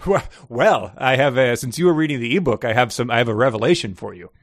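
A man co-hosting a relaxed book podcast, amused and quick to laugh. His voice sits at a middling pitch. It is recorded dry and close, with no room sound. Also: dry recording. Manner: laughs often, amused, trails off in restarts. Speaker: podcast co-host. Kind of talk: casual book-discussion chat.

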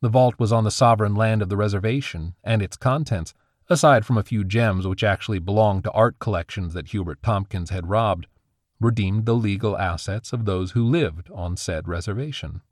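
A man giving a steady, scripted audiobook narration. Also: on the low side, moderate pace, dry recording, studio quality.

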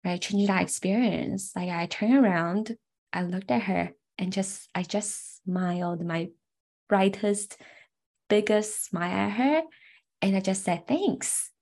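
A woman's voice: mid-range voice, fairly even intonation, a little slow, a little mellow. A young adult woman telling a personal memory in an earnest, heartfelt way, often saying "like" and "right". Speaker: personal storyteller. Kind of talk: reflective personal story.

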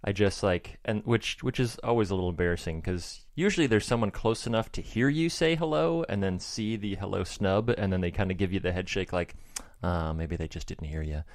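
Male co-host, soft-spoken and wry, lowish voice, dry studio sound. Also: brisk, few pauses, no room sound. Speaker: podcast co-host, pastor. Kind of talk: casual church podcast chat.

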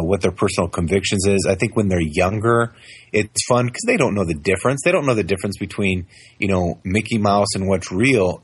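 A young man in a casual talk, animated as he tells stories about his small daughter and acts out the voices. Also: low voice, husky, no echo. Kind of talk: casual chat.

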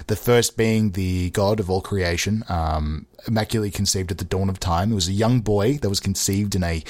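A man's voice: low voice, brisk, darkish tone. A man hosting a podcast, delivering a rambling, self-mocking comedic monologue into a microphone with mock sincerity. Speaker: podcast host.

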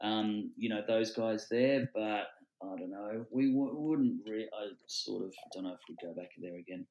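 A man, a brewery co-owner, chatting on a podcast in a halting, self-deprecating way, laughing often. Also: fairly low pitch, muffled recording, a little hiss or hum. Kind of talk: casual podcast chat. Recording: echoey room.

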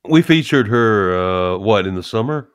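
A low, smooth-voiced man co-hosting a relaxed talk show. He speaks reflectively and hesitates with fillers. The sound is dry and close. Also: normal speed, dry recording. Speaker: co-host. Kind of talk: casual podcast chat.

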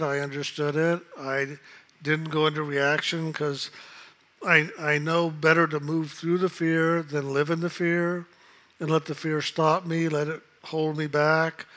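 Slow calm man with a bright voice. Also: fairly high pitch. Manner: calm, unhurried, reflective, acts out quoted voices. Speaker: storyteller sharing a personal story. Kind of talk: casual spoken storytelling.

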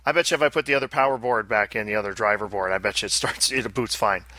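A man's voice: fairly low pitch, fast talker, sharp tone, dry recording. A man co-hosting a casual podcast chat, talking in a rambling way and often repeating his words. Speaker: podcast co-host.

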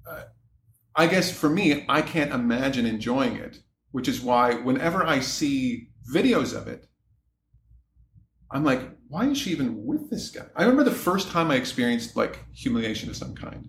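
A man talking candidly as a podcast guest, telling his story in an animated way and loudly acting out his exasperation. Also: medium pitch, moderate pace, roomy sound, slight background noise. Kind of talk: candid casual chat.

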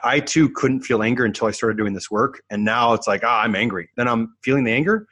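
A man's voice: medium pitch, fairly quick, a bit bright, no room sound. A man talking as a coach in an earnest, reflective way, circling back on his phrases in a podcast conversation.

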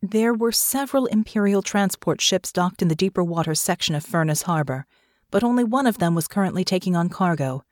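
A woman giving scripted fantasy narration for an audiobook in a measured, steady way. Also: on the low side, no room sound, clean studio sound.

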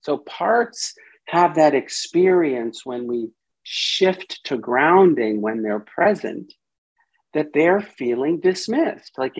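A man's voice: fairly high pitch, a little mellow, slightly rough, highs cut off. A man speaking as a therapist and podcast guest, explaining ideas at length and briefly acting out inner voices in quotes. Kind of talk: explanatory interview talk.

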